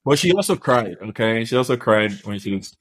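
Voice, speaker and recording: Animated young man telling stories. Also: medium pitch, a little fast. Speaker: podcast co-host. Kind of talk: casual chat.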